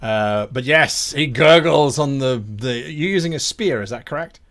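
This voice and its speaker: A man narrating as game master of a tabletop game, animated and quick with rules, laughing often. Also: mid-range voice.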